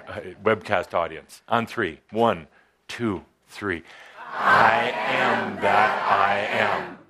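A man teaching a spiritual workshop to a studio audience, talking in halting phrases with frequent pauses. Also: medium pitch, a bit bright. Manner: halting, hesitant with many pauses and fillers.

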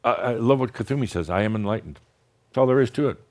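A man giving a channeled spiritual talk to an audience, blunt and teasing, slowing down to guide deep breaths. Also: darkish tone. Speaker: spiritual teacher channeling a master.

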